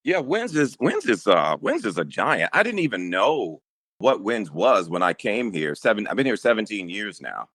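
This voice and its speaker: A middle-aged man with a very deep bass-baritone voice, telling stories easily in a casual interview. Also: normal speed, no room sound, clean studio sound. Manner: relaxed storyteller, easy laughs. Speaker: radio news anchor.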